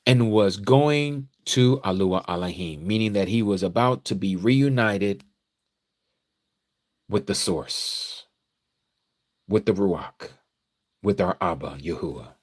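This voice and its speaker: A man leading a scripture study sermon, reading slowly and deliberately, then turning emotional and climbing loud and high as he preaches. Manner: emotional, preacherly, rises in pitch and volume when exhorting; slow deliberate reading with pauses.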